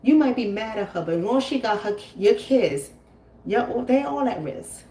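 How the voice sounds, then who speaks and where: This woman, in her forties, hosts a casual commentary stream from home with an emphatic, preachy style, repeating herself. Her voice is on the high side and warm, with lively intonation at normal speed, picked up from a distance in a roomy space.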